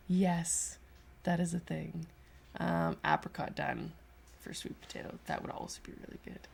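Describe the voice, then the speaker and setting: A Canadian woman hosts a sculpting livestream, chatting casually as she works, reading viewer comments aloud and speaking her lizard's thoughts for it. Her voice is low and creaky, with a steady tone and a moderate pace.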